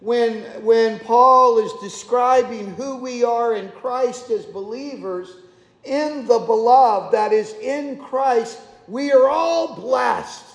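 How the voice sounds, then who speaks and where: A pastor preaching a sermon in a chatty, conversational way, tossing rhetorical questions at the congregation. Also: male voice, very high voice, slow, gravelly. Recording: echoey hall with long reverb.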